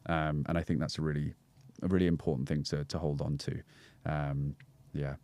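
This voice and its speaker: A man's voice: very deep voice, flat delivery, normal speed, darkish tone, no room sound. A man with a Scouse accent, a podcast guest talking through breathwork and mindset in a reflective, explanatory way, with many fillers and restarts. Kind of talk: casual podcast conversation.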